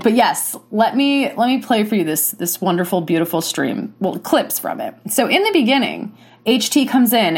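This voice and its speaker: A young adult woman hosting a talk show, talking in a sarcastic, mocking way and rambling with lots of fillers. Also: fairly low pitch. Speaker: show host. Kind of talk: casual podcast monologue.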